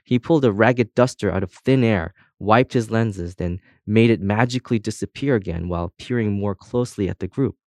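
A man narrating a children's storybook in a steady, scripted reading. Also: fairly low pitch, fairly quick, hardly any pauses, no echo, studio quality. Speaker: audiobook narrator.

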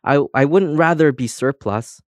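A man voicing a timid, self-pitying male comb who wails and sobs in a high voice. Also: very animated, normal speed, darkish tone, dry recording, studio quality, natural voice. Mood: frightened. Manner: high, wailing and sobbing delivery.

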